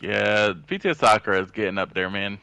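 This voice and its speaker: Man, bright tone, relaxed joking play-by-play, dry close sound. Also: lowish voice, brisk, creaky, smooth, no room sound, low-quality recording. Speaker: tournament co-commentator. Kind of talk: casual gaming commentary.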